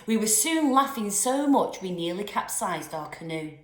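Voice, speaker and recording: A woman teacher reading a children's novel aloud with expressive storytelling. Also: mid-range voice, normal speed. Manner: expressive storytelling with lively voices. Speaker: primary school teacher. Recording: roomy echoey room.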